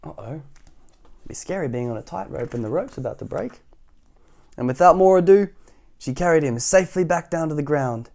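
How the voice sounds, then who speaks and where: A man's voice: a little high, lively intonation, normal speed, creaky, pauses often, a little mellow. A man hosting storytime, reading a children's picture book aloud with casual asides to young listeners. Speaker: storytime host.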